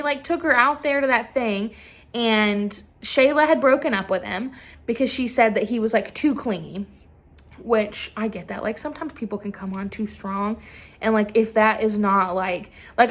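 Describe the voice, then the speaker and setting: A woman's voice: a little high, a bit bright. A young woman chatting casually as a book reviewer, filling her talk with constant "like"s. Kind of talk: casual chat.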